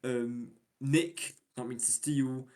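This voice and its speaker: A man's voice: medium pitch, fairly even intonation, slow pace, darkish tone. A man with a Yorkshire accent, chatting casually as a host and explaining British slang, with lots of fillers and restarts. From England. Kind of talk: casual chat.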